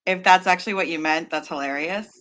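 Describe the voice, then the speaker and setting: A bright, clear-toned woman with a Pennsylvania accent chats casually to her livestream viewers. She talks in an easy, rambling way, full of ums and quick laughs. Her pitch sits a little low for a woman. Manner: chatty, laughs often, many fillers. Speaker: livestream host. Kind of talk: casual chat during a writing livestream.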